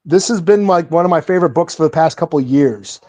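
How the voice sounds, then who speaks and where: A man's voice: a little high, lively intonation, fast talker, dark tone. A man co-hosting a podcast, enthusiastically and casually reviewing a comic book. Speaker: podcast co-host.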